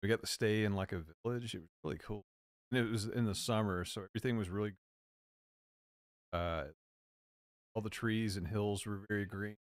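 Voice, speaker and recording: A man co-hosting a casual chat, rambling and halting with many fillers. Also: on the low side, fairly even intonation, clean tone, no room sound, clean studio sound. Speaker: co-host.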